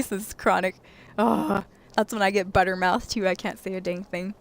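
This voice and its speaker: A woman's voice: fairly low pitch, steady tone, normal speed, vocal fry. A young adult woman streaming a video game late at night, chatting and giggling with her viewers as she plays. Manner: chatty and giggly, talking to chat while playing. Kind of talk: casual late-night gaming livestream chat.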